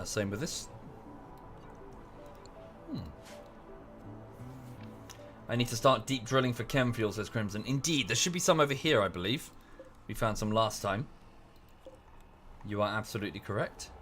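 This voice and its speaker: A man's voice: medium pitch, normal speed, long pauses, a bit bright, soft background music. A young English man chatting casually with his stream chat while playing a strategy game, often correcting himself mid-sentence. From England. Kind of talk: casual livestream chat over gameplay.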